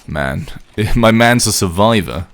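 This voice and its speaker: Joking low-voiced young male streamer. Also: expressive, slow, fairly bright tone. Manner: casual, joking, swears freely, laughs a lot. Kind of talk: live gameplay stream chatting with viewers.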